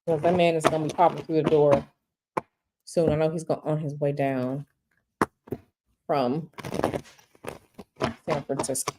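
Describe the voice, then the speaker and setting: A woman's voice: low-pitched, little pitch movement, a little slow, long pauses, heavy background noise. A woman giving a live-stream tarot reading, speaking conversationally and repeating phrases for emphasis. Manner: reads viewer questions aloud and answers directly. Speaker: tarot reader.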